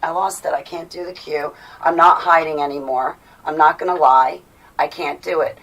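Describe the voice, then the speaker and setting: Woman vlogger, emphatic and animated, lower voice, recorded from a little distance. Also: normal speed. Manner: animated, emphatic, swings loud and soft. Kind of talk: casual monologue to viewers. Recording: voice a bit far from mic.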